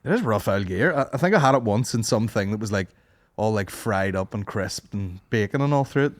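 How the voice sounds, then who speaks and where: A man's voice: on the low side, expressive, no room sound. Young male co-host, blunt banter, dry close sound. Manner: blunt, sweary, quick to laugh. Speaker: podcast co-host. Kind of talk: casual banter.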